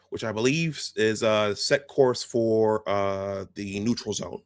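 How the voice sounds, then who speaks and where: A man's voice: on the low side, a little slow, a bit bright, dry recording, clean studio sound. A man hosting a video, casually recounting film scenes step by step and quoting the lines as he goes. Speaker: host.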